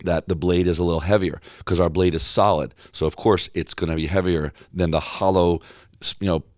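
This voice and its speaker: A man talking as a podcast guest in a studio, telling stories with excitable energy and quick restarts. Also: low-pitched, no room sound. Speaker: podcast guest, company founder. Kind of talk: casual podcast chat.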